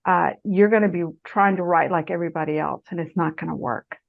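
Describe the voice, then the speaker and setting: A woman's voice: lowish voice, a little fast, creaky. A middle-aged woman, an author, giving writing advice in an interview and acting out quotes with a lifted voice. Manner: animated storyteller, acts out quotes in a raised voice. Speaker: author and guest speaker. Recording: muffled lo-fi audio.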